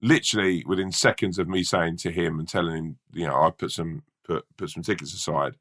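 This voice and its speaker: A man with a very low, gravelly voice that still has a bright edge. He is a hungover stand-up comic, swearing freely as he tells a story in an easy chat. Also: fairly even intonation, fairly quick. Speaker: stand-up comedian. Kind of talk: casual podcast chat, anecdote.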